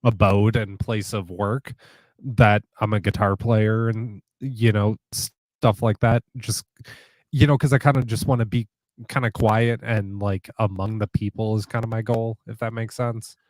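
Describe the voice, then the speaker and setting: Low-voiced man chatting, full of restarts. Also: fairly even intonation, unhurried, dry recording. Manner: rambling, many restarts. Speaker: guitar player guest. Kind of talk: casual conversation.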